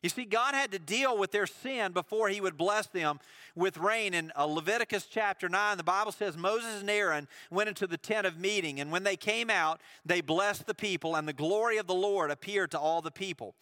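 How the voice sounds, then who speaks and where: A man's voice: high voice, moderate pace, sharp tone, no room sound. A man preaching a sermon, retelling Bible stories and acting out the dialogue in a casual storytelling way.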